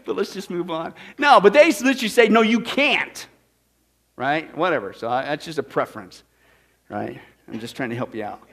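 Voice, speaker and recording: A man's voice: a little high, expressive, brisk, a bit bright. A man teaching from the Bible in a sermon style, sarcastic and full of rhetorical questions, often drifting into asides before returning to his point. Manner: digressive with restarts and asides.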